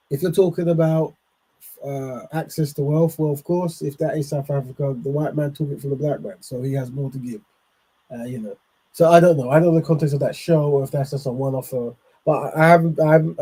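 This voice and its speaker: A man's voice: a little high, husky, poor audio. A man hosting, commenting on clips in a loose, rambling way with lots of fillers. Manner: loose, rambling, with many fillers and shout-outs. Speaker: host.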